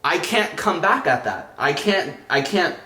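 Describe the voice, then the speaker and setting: A man's voice: on the high side, very animated, sharp tone. Earnest young man in an echoey room. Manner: earnest, slow and halting, restarts often. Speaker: vlogger, partner in a couple channel. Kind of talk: emotional relationship talk to camera.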